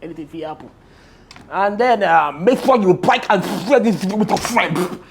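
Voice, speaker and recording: A man's voice: high voice, lively intonation, normal speed, background noise. Joking man signing off a show. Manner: loose, joking, breaks character. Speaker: show host. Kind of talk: show sign-off.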